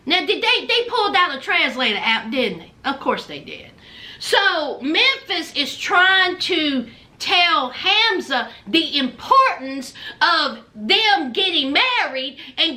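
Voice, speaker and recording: A woman's voice: very high voice, sharp tone. A woman giving a sassy, chatty, casual commentary recap, often laughing at her own jokes. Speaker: reality show recapper.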